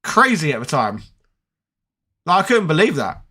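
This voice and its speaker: A man's voice: fairly high pitch, wildly swooping pitch, moderate pace, bright, forceful tone, breathy edge. A man hosting a gaming channel, chatting casually and rambling as he answers viewer comments. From United Kingdom. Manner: chatty, rambling, with many fillers.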